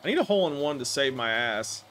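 A man's voice: mid-range voice, lively intonation, quick pace, fairly bright tone. Foul-mouthed speedrunner man venting. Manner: swearing, frustrated outbursts at the game. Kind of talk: profane live gameplay commentary.

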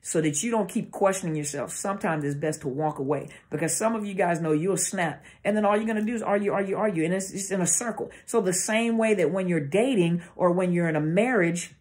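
A woman's voice: fairly low pitch, brisk, few pauses, darkish tone. A woman therapist giving an informal educational talk to camera, conversational and often searching for words with restarts. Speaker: therapist speaking on narcissistic abuse. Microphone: camera mic.

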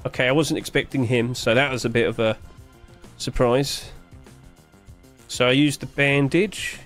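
A man's voice: mid-range voice, steady tone, measured pace, fairly bright tone, soft background music. Puzzled man narrating his gameplay. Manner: thinking aloud, puzzled and joking, many fillers. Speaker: streamer playing a game. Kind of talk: gameplay commentary.

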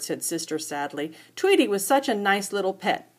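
A woman's voice: mid-range voice, sing-song, moderate pace, few pauses. An older woman, a grandmother, reading a storybook aloud at home to a child, with playful asides to the listener.

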